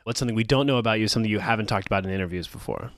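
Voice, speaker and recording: A man's voice: on the low side, rapid-fire, no room sound. A man hosting a radio talk show who chats and jokes with his guest. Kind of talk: casual radio interview.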